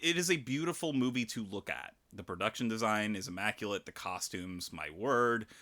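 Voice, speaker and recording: A man co-hosting a film podcast in casual chat, animated and quick to laugh. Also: fairly low pitch. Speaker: podcast co-host.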